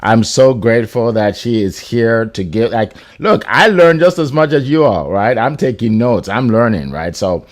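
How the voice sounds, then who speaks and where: A man's voice: mid-range voice, moderate pace, hardly any pauses. A man hosting an online panel on a video call, talking casually with many fillers and restarts. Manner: animated, filler-heavy, restarts. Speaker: host.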